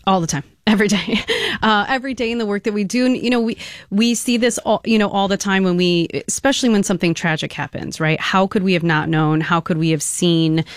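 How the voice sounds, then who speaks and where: A woman's voice: medium pitch, brisk, no room sound, studio quality. A woman expert on domestic violence gives an earnest interview answer, explaining with everyday examples.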